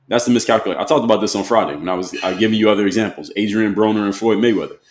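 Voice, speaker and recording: A man's voice: lowish voice, fast talker, reverberant, a little hiss or hum. A man, giving blunt, emphatic commentary to camera and repeating his key points. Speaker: motivational commentator.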